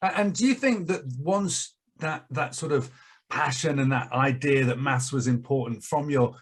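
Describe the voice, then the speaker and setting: A man's voice: on the high side, breathy edge. A man hosting an interview, asking encouraging questions. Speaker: interview host. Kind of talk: interview conversation.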